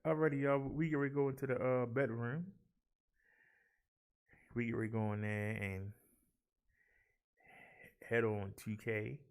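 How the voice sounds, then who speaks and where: Brief: male vlog host, gravelly mid-range voice, theatrical and chatty, addresses the viewers as y'all. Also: medium pitch, fairly even intonation, normal speed, pauses often. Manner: theatrical, rolls his R's, talks to viewers as y'all. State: out of breath. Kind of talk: casual chat and daily numbers rundown.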